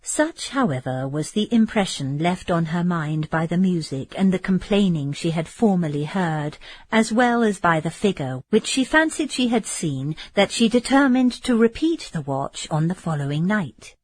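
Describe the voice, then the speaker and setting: Breathy woman reading an audiobook. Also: lowish voice, animated, normal speed, no room sound. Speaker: audiobook reader. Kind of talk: audiobook narration of a Gothic novel.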